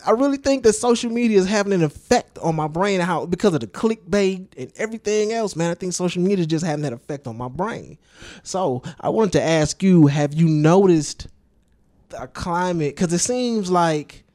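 A man's voice: high voice, expressive, moderate pace, a little mellow, no room sound, clean studio sound. A man co-hosting a casual podcast, joking and asking his partner lots of questions. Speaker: podcast co-host. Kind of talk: casual chat.

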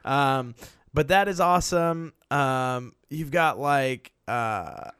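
A man co-hosting a podcast, chatting casually and excitedly about movies, swearing now and then. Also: medium pitch, takes it slowly, smooth, dry recording, studio quality. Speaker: podcast co-host. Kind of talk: casual chat.

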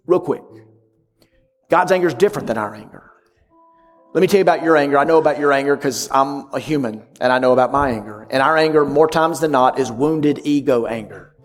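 A man preaching a sermon, swinging from loud emphatic lines to hushed whispers. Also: medium pitch, in a large hall. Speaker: pastor.

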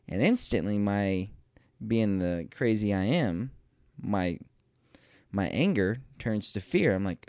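A man with a lowish, smooth voice tells a rambling personal story, self-deprecating and sprinkled with swearing. The sound is close and dry, with no room to it. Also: lively intonation, measured pace, a little mellow, dry recording.

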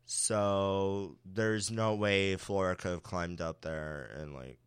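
A man's voice: sits low, steady tone, slow pace, smooth, no room sound. A young man co-hosting a podcast, recapping a show in casual chat with sassy asides and frequent laughs. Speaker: podcast co-host.

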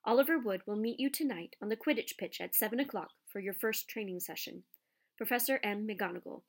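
A brisk, strict older female teacher speaking firmly, as a woman reader voices her. A storybook letter read with authority. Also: mid-range voice, natural voice.

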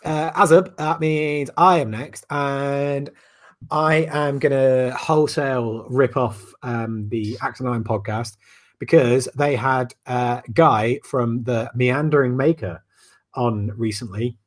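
A man hosts a podcast in a loose, rambling way. He swears casually as he chats. His voice sits at a middling pitch. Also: fairly even intonation, slow. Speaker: podcast host. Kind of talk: casual chat.

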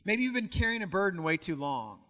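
A man's voice: sits high, very animated, a little fast, a bit bright, long reverb tail. A man preaching a sermon as pastor in a church, telling stories and often repeating words as he goes. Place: church sanctuary.

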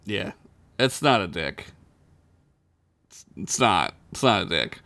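A man's voice: sits low, sing-song, vocal fry, bright, forceful tone. A man co-hosting a podcast in casual, crude, joking chat. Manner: crude, joking, quick to laugh. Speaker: podcast co-host.

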